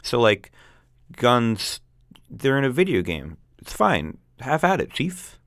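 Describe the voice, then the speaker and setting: A young man trades sarcastic jokes in casual podcast chat. His pitch swings widely as he riffs, and the recording is close and dry. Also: sing-song, slow pace, a bit bright, dry recording. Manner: joking, sarcastic asides. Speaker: podcast co-host.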